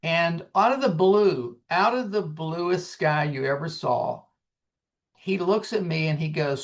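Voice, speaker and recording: A man in his sixties, a singer-songwriter guest, telling his story in an earnest, animated way and acting out the dialogue. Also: a little high, slow. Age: 60s. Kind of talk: casual storytelling.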